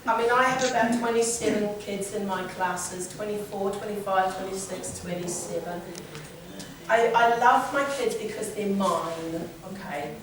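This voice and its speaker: A woman presenting a seminar to teachers, animated and joking. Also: medium pitch, normal speed, a crowd in the background. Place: large hall. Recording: echoey hall from far off. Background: audience.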